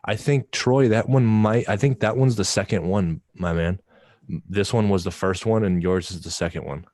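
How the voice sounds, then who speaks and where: A man's voice: on the low side, moderate pace, a little mellow. A man co-hosting a casual livestream, talking in a laid-back, rambling way and often repeating words. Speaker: livestream co-host and wood craftsman. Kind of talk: casual stoner chat.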